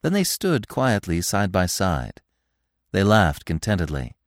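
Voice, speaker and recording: A man, the podcast host, narrating a classic storybook in an expressive, dramatic way. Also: sits low, measured pace, dry recording, clean studio sound.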